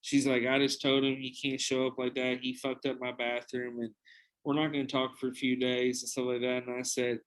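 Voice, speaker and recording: Brisk and completely flat, a young man's mid-range voice carries a long anecdote on his podcast, recorded in low quality. He tells the story casually and profanely, rambling and restarting often.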